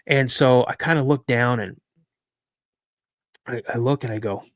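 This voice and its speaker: A man on a podcast as a guest, recounting a personal encounter as a lively storyteller who repeats words for emphasis. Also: medium pitch, unhurried, dry recording, clean studio sound.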